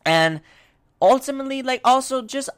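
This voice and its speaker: A young man talks straight to his viewers and gives advice. He rambles, restarts his sentences and leans on fillers, and his delivery stays lively and animated. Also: very high-pitched, moderate pace, clear, resonant tone. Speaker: vlogger giving advice. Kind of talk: casual advice vlog.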